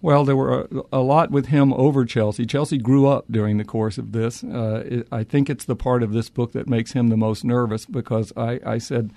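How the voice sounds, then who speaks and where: A man's voice: mid-range voice, steady tone, normal speed, warm tone, dry recording. A man, an author answering interview questions with many restarts and fillers. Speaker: author and historian.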